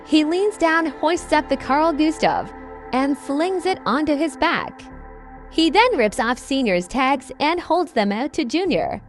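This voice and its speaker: Slow-reading woman horror storyteller. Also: sits high. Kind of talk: scripted horror narration.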